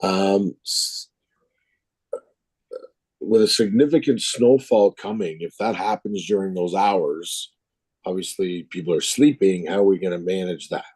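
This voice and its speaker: A man's voice: deep voice, unhurried, darkish tone, no echo, poor audio. A town councillor, a man losing his voice, talking casually and with laughs in a council meeting. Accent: Canadian. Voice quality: hoarse. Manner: casual, laughs often, rambling. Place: council chamber.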